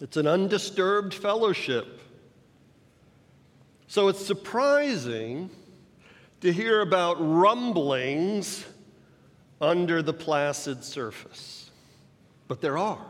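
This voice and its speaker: A man delivers a sermon in a slightly high voice, unhurried and deliberate as he explains the passage point by point. His words ring out with the long reverb of a large church hall. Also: expressive. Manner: measured, explanatory preaching with rhetorical emphasis. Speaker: preacher.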